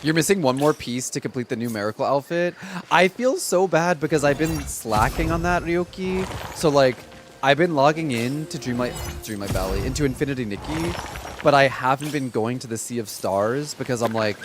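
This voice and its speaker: A man in his twenties chatting casually to viewers while streaming a game, telling stories in an animated way with lots of "like" fillers. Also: mid-range voice, brisk, music in the background. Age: 20s.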